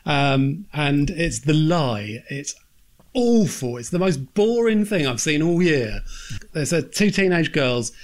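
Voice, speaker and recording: A man hosting a podcast, chatting casually, swearing freely and acting out scenes between laughs. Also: mid-range voice. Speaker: podcast host. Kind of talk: casual chat.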